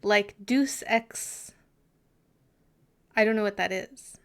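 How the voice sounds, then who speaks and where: Slow-talking woman chatting on a live stream. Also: mid-range voice, gravelly, a bit bright. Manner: chatty, giggly, muttering asides. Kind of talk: casual live-stream chat.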